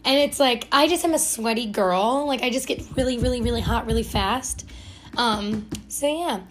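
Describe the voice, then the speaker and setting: High-voiced young woman rambling through a story. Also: moderate pace, slight background noise. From Ohio. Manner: rambling and chatty, lots of "like" and self-corrections; self-deprecating and dramatic. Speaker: podcast host. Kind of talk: casual storytelling monologue.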